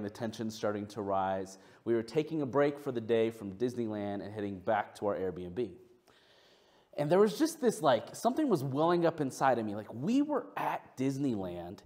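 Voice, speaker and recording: A man who is a pastor, preaching a sermon and telling a family story with lively acted-out dialogue. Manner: storytelling, acts out family dialogue with big pitch jumps.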